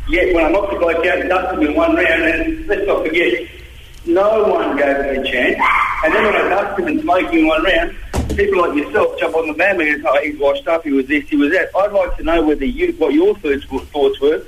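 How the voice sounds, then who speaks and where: A man's voice: on the high side, brisk, fairly bright tone, roomy sound, slight background noise, rough recording. A man in his thirties with an Australian accent, talking bluntly and combatively as a guest on a radio show. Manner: blunt, combative, slang-heavy. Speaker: guest boxer. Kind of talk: radio phone-in interview.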